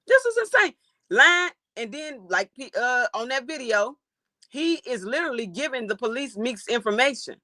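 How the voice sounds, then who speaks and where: A livestream host reacting to a case and reading out chat comments, animated and outraged, swearing freely. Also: medium pitch, normal speed, no echo.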